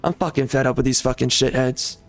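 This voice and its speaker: A man hosting a gaming channel, venting in an angry, profane rant with halting restarts and frequent swearing. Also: medium pitch, fairly even intonation, soft background music. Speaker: gaming channel host and author. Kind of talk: frustrated rant over gameplay.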